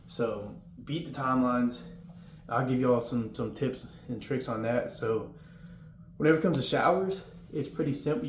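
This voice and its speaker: Young man, casual rambling advice, roomy echo, faint room hum, mid-pitched voice. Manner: rambling, informal, acts out drill yelling. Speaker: former basic trainee giving advice.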